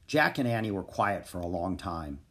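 A man narrating a children's chapter book in a calm, even reading voice. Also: deep voice, moderate pace. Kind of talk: storybook narration.

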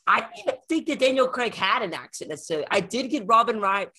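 A man co-hosts a film podcast, chatting casually about movies and rambling as he repeats words while thinking. His voice is high, sharp, fast and very animated.

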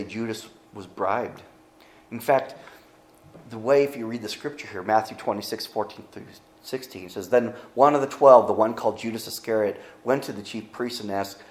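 A man giving a conversational sermon as pastor, animated, with joking asides and frequent restarts, speaking from a church pulpit. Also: fairly low pitch, echoey room.

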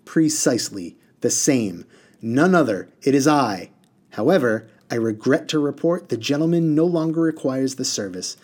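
A man's voice: medium pitch, expressive, moderate pace, a little mellow, lightly acted. A man reading aloud and voicing a petulant little male water genie who rattles off strings of stock phrases in a fussy, officious way.

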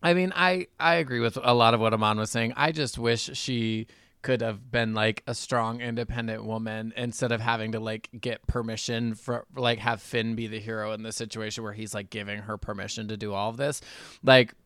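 A man's voice: on the low side, steady tone, moderate pace, fairly bright tone, clean tone, no echo, studio quality. A man appearing as a podcast guest, sharing opinions in a hesitant, thoughtful way. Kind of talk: casual podcast chat.

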